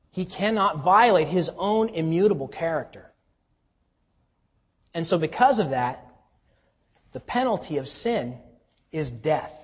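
A man preaching a sermon as pastor, earnest, swinging between emphatic rises and hushed drops. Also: high voice, husky, highs cut off.

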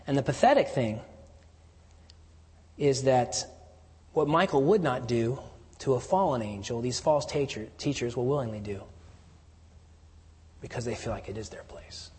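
A man preaching a sermon, moving from emphatic lines to hushed, near-whispered stresses. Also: medium pitch, lively intonation, measured pace, pauses often. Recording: long hall reverb.

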